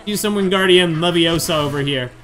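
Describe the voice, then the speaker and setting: A man giving chatty, excitable commentary over his own video game playthrough. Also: on the high side, fairly quick. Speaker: gamer doing a playthrough. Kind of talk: casual let's-play commentary. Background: game music.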